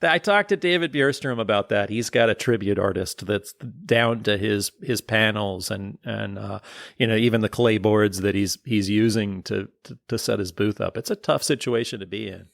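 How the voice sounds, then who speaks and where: Man, podcast co-host, lowish voice, animated storyteller, laughs a lot, dry sound. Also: normal speed, creaky, dry recording. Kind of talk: casual interview chat.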